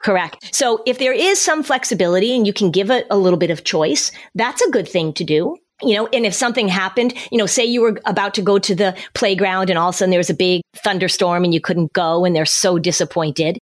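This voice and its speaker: Middle-aged woman, parenting advice, acts out little scenes, average pitch. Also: a little fast, few pauses. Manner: explains with acted-out parent and child examples. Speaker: parenting expert guest. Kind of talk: conversational advice.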